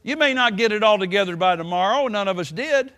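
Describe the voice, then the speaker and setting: A man's voice: sits high, lively intonation, fast, a bit bright. A man preaching a sermon in a folksy way, stretching words for emphasis and breaking in with "hallelujah.". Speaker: pastor.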